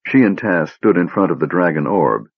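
A man narrating an audiobook in a measured, grave way. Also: deep voice, lively intonation, gravelly, breathy edge, no room sound, lo-fi sound.

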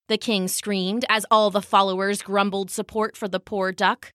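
A woman reading a children's story aloud in a slow, expressive storytelling manner. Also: mid-range voice, no echo, studio quality.

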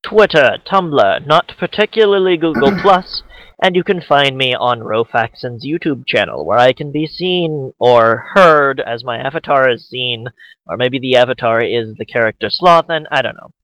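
A man's voice: mid-range voice, lively intonation, normal speed, fairly bright tone, no room sound, poor audio. A man co-hosting a casual comedy podcast, joking and rambling through his points with restarts and mock quotes. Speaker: podcast co-host.

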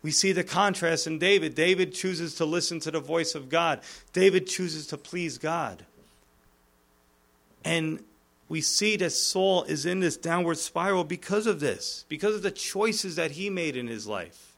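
A male pastor preaching a sermon, retelling the scripture in a lively way and chuckling at the text. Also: a little high, measured pace, creaky.

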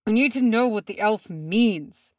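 A woman's voice: medium pitch, unhurried, no room sound, clean studio sound, close to an everyday voice. A woman doing a wheezing old dwarf man. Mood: anxious. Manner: wheezing, breathless. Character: stout older male dwarf, frightened and gasping.

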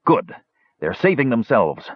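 A man's voice: medium pitch, very animated, a little slow, no room sound, highs cut off. A man voicing an impulsive, earnest male dwarf leader who speaks urgently. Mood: relieved. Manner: urgent, frustrated.

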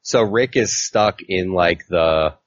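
Recapping a comic book story on a casual podcast he co-hosts, a man rambles along with plenty of fillers. He speaks low and slow into a dull, lo-fi mic with no echo.

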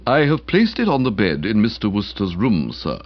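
Unflappable, formal valet in a storybook reading, measured and deferential, husky voice, read by a man. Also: huge pitch swings. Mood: calm. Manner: measured, deferential, ends low. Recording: slightly dull lo-fi recording.

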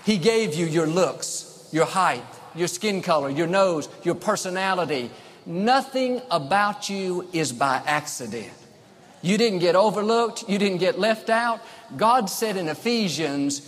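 A man preaching a sermon as pastor, emphatic, with dramatic pauses. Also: high-pitched, lively intonation, a little hiss or hum. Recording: long reverb of a large hall.

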